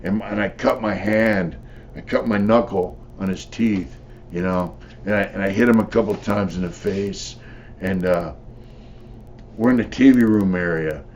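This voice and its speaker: A man's voice: on the low side, unhurried, darkish tone, slight background noise. Blunt, profane older man telling stories. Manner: blunt, profane, rambling with frequent "you know". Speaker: former prisoner telling stories. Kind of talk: casual storytelling.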